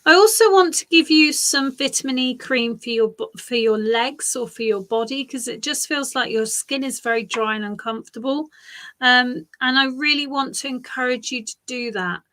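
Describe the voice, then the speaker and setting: A woman giving a live psychic reading, speaking in a gentle, reassuring way and often repeating phrases softly. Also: a little high. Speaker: psychic reader.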